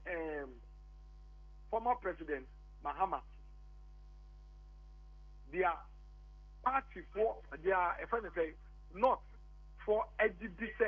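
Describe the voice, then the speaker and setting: A Ghanaian man argues politics over a phone line on a radio show, hammering the same points again and again. His voice sits high and comes through husky. The line is thin and phone-like, with a dry, close sound. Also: dry recording. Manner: insistent, repeats points, mixes English and Twi. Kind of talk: heated political argument on a phone-in.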